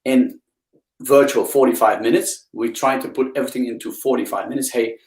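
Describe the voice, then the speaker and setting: Speaking a little fast with fairly even intonation, a Belgian man guests on a live video interview and tells stories with lively, upward-swooping emphasis. The video-call recording is rough and sounds roomy.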